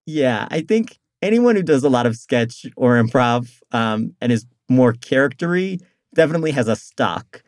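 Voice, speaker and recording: Male comedy guest, rambling and quick to laugh, lively pitch, dry sound. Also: dry recording. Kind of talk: casual interview chat.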